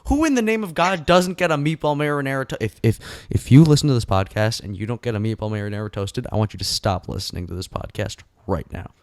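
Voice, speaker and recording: A man's voice: mid-range voice, fast, hardly any pauses. Ranting young man on a casual podcast. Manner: ranting, acts out customer exchanges. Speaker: podcast co-host.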